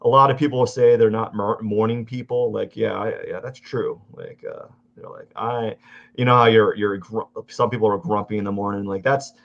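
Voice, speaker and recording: A man's voice: on the low side, steady tone, fairly quick, creaky. A man chatting casually to his stream while he draws at home, rambling and correcting himself as he goes. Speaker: live-stream artist. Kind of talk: casual live-stream chat while drawing. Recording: dull lo-fi audio.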